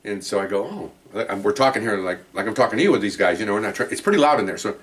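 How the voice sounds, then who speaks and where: A man hosting a podcast, telling a story in a casual, rambling, animated way and laughing as he goes. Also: fairly low pitch, fast, far from the mic. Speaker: podcast host telling cop stories.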